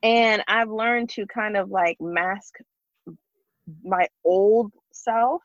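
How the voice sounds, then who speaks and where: Animated woman telling stories over a muffled line. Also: medium pitch, extremely slow, no room sound. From Connecticut. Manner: animated storyteller, acts out quoted voices. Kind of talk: casual chat.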